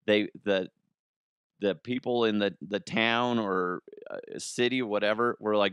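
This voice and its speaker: A man's voice: medium pitch, expressive, unhurried, a bit bright, clean tone, no echo, studio quality. Rambling, profane man joking about news. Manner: rambling, profane, laughs at own jokes. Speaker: host. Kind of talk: casual comedic news commentary.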